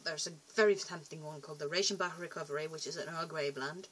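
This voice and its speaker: A woman's voice: low voice, fairly even intonation, fast, fairly bright tone, husky. A young woman rambling casually to camera in a vlog, chatty and self-deprecating, often trailing off and restarting. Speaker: vlogger.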